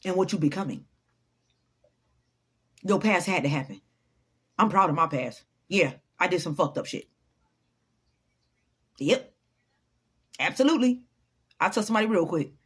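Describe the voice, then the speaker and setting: A woman's voice: fairly low pitch, expressive, moderate pace, long pauses, a bit bright, breathy edge. A woman giving an unscripted motivational talk to her followers, blunt, profane and preachy. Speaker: motivational vlogger.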